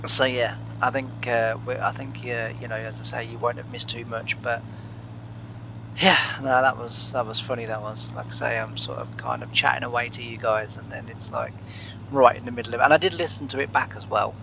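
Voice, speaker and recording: A man's voice: mid-range voice, fairly even intonation, brisk, gravelly, bright, forceful tone, a little hiss or hum. A man hosting a farming game let's play from his living room, chatting casually with lots of fillers and chuckles. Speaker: gaming channel host.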